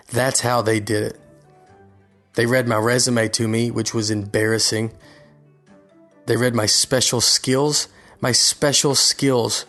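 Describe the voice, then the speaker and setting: A man's voice: medium pitch, fairly even intonation, slow, long pauses, a bit bright, soft background music. A young man doing a rambling, self-deprecating comedy monologue about his struggles. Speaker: comedian recording a guest spot.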